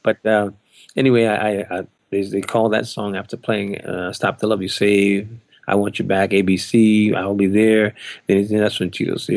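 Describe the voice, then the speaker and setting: Gravelly older man, animated storyteller. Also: on the low side, moderate pace, dry recording. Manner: animated, acts out other people's lines in his story. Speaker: drummer telling of his audition. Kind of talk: storytelling in a podcast interview.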